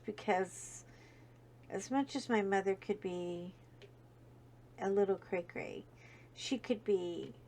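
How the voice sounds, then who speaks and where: A woman hosting a chat video, telling a heartfelt personal story in a rambling way with many fillers. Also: mid-range voice. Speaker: host. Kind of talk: casual storytelling.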